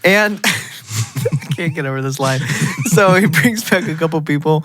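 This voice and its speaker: Animated, slightly high-voiced man on a podcast. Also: unhurried, slight background noise. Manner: animated, laughing retellings of scenes. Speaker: podcast co-host reviewing movies. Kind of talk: casual movie review chat.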